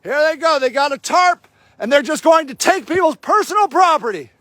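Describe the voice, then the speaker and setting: A man livestreaming from an outdoor camp in the snow, shouting angry and sarcastic reproaches at people in front of him while filming on his phone. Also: very high voice, animated, brisk, no room sound. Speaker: activist filming a camp sweep. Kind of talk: livestreamed street confrontation.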